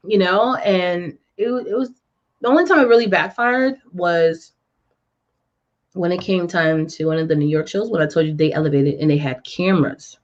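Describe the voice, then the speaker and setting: Woman radio host, lowish voice, animated storyteller, dull lo-fi sound. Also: brisk. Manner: animated, acts out quoted dialogue. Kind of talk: casual interview storytelling. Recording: dull lo-fi audio.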